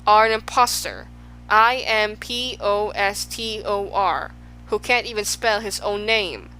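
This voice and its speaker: A woman's voice: mid-range voice, moderate pace, a bit bright, faint music behind, lightly acted, poor audio. A woman voicing a fussy, indignant male spelling bee in a storybook, scolding and sneering. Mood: scornful.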